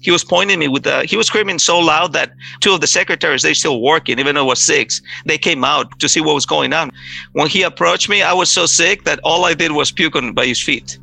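A man telling his own story in a halting, conversational way, acting out what others said. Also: fairly high pitch, vocal fry, sharp tone. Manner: halting, restarts, acts out quoted voices. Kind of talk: personal testimony, casual storytelling.

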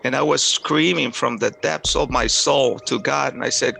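A man with a gravelly, creaky edge and a bright, forceful tone tells his own story as dramatic testimony. He speaks earnestly and intensely, painting each moment vividly. Faint music plays behind him. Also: mid-range voice, normal speed, hardly any pauses. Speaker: storyteller recounting a personal experience. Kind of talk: dramatic first-person testimony.

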